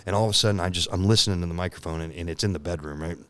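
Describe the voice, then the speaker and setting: Male podcast guest in his thirties: low voice, dry close sound, frank storyteller who laughs a lot. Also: racing, a bit bright, clean tone, no room sound. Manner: candid, laughs often, acts out quoted lines. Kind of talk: casual personal storytelling.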